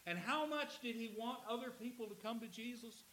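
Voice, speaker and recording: High, bright-voiced male preacher. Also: slight background noise, low-quality recording. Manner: earnest preaching, slows for emphasis. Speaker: pastor. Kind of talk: sermon.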